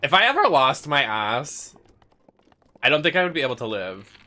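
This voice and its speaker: A man's voice: mid-range voice, very animated, normal speed, pushed and bright. A man streaming a video game, chatting with campy, dramatic outbursts and frequent laughter. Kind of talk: livestream gameplay commentary.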